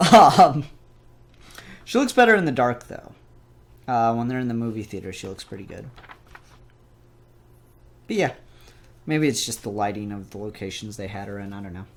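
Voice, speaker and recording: A man's voice: mid-range voice, very animated, moderate pace, long pauses. A young man giving a casual spoken review of comics, in a rambling, chatty and upbeat way.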